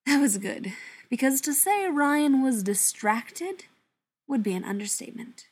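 A woman reading a story aloud in a soft, often half-whispered voice. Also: high voice, sing-song, a little slow, breathy edge. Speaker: narrator. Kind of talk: audiobook narration.

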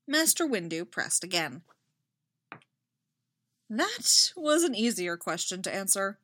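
A woman reads a story aloud at an easy, slow pace, letting her pitch rise and fall expressively. The sound is close and dry, with no room around it. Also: lively intonation, sharp tone, no room sound. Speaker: narrator. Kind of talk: reading fan fiction aloud.

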